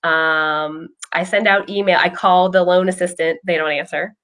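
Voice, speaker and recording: A woman's voice: on the low side, steady tone, normal speed, fairly bright tone. A woman speaking as a behavioral health clinician, casually telling a personal story with frequent ums. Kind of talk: casual explanatory chat.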